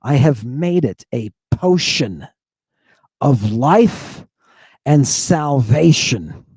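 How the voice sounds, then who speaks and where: Combative, theatrical man with a lively voice. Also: medium pitch, extremely slow, breathy edge, no echo. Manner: combative, theatrical, swings between loud outbursts and hushed asides. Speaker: show host. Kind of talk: fired-up monologue, reading ancient Greek text aloud.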